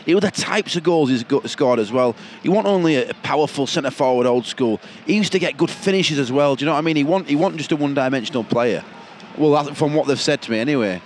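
Excitable male co-host, highish voice, outdoor stadium with faint noise behind. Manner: excitable, quick to react and exclaim. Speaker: podcast co-host. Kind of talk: casual football podcast chat from the stands. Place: football stadium stands, outdoors.

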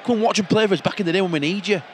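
Excitable male co-host, highish voice, outdoor stadium with faint noise behind. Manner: excitable, quick to react and exclaim. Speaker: podcast co-host. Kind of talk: casual football podcast chat from the stands. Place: football stadium stands, outdoors.

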